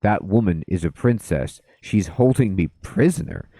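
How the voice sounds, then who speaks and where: Man putting on a plummy posh dwarf gentleman. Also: low voice, animated, moderate pace, no room sound, studio quality. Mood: fussy. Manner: plummy upper-class British slang. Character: posh bearded male dwarf gentleman, fussy.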